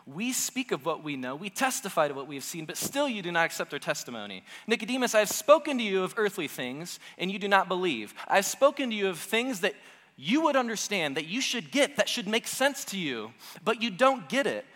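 An exasperated teacher who keeps pressing his point with sharp questions, voiced by a male preacher. He speaks in a high, bright, strongly rising and falling voice. It carries a long reverb from a large hall. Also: sing-song, a little fast, full character voice. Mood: insistent. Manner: heated, insistent, rhetorical questions. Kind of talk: dramatized scripture quotes in a sermon.

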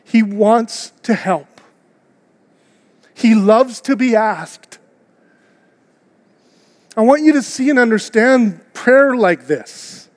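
A man's voice: very high voice, slow, pauses often. A man preaching a sermon to his church in an earnest, conversational way, asking his listeners rhetorical questions. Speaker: pastor. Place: church auditorium. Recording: long hall reverb.

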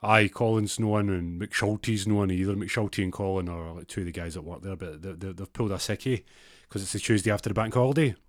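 Low-voiced Scottish man, casual storyteller, rambling and digressive, dry close sound. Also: fairly even intonation, fast, dry recording. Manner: rambling, digressive, laughs at own tangents. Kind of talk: casual anecdote.

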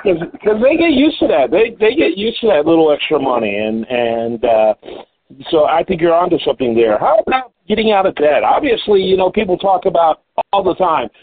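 A man's voice: fairly high pitch, big pitch swings, a little fast. A man hosting a casual business interview, talking in a loose, conversational way with fillers and repeats. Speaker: podcast host. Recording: phone-like call audio.

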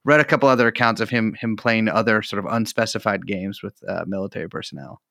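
A man's voice: fairly low pitch, fast, gravelly, bright, forceful tone, no echo. A man chatting casually on a podcast, rambling with fillers and dry jokes. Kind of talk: casual chat.

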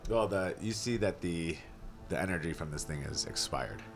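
A man's voice: low-pitched, lively intonation, moderate pace, faint music behind. A man narrating as game master, casual and descriptive, with frequent fillers.

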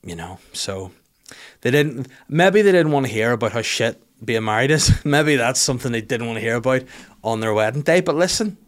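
A man's voice: medium pitch, lively intonation, normal speed. A man, telling funny self-deprecating stories about his life in casual, sweary talk. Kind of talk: casual storytelling monologue.

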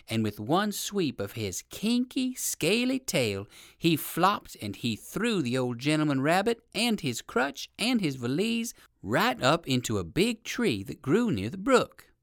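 A man narrating a children's storybook in a gentle, expressive read-aloud manner. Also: a little high, no echo, studio quality.

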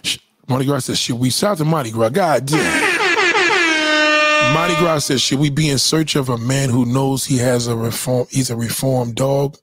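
A man's voice: medium pitch, moderate pace, a bit bright, breathy edge, no room sound, clean studio sound, faint music behind. A man hosting a casual livestream monologue, talking in an emphatic, preachy way with lots of swearing.

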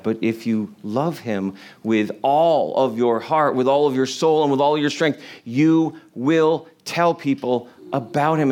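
A man's voice: medium pitch, unhurried, few pauses. A man preaching an informal sermon to a congregation in a room, earnest and conversational, often restarting his phrases. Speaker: pastor.

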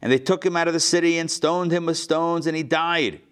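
A rabbi teaching a live class, reading a text aloud and explaining it in a lively, playful way, acting out the quotes. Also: male voice, fairly high pitch, a little fast, clean tone. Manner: lively, acts out the quotes with playful modern paraphrase.

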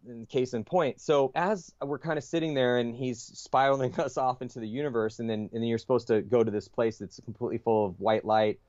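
A man's voice: mid-range voice, fairly even intonation, fairly quick, few pauses, darkish tone, no echo, muffled recording. A man, a podcast guest, telling a long story in a casual, rambling way, full of fillers, restarts and swearing.

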